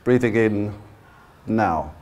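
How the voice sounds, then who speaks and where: A man leading a voice workshop, coaching a live audience through breathing exercises in an energetic, encouraging way. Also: fairly low pitch, slow pace, heavy background noise. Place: conference room with a live audience. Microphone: no handheld mic, projecting to the room.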